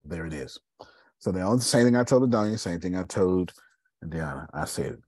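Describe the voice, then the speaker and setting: A husky, low-voiced man hosts a casual group conversation. His delivery is animated and preachy, full of slang, with lively pitch swings. The sound is dry and close. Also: normal speed, no echo. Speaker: host.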